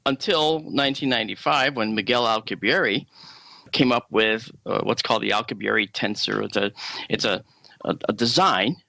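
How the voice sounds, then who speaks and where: A man's voice: on the low side, normal speed, vocal fry, bright, forceful tone, dry recording. A man, an astronomer guest, explaining in casual chat, with many fillers and easy laughs.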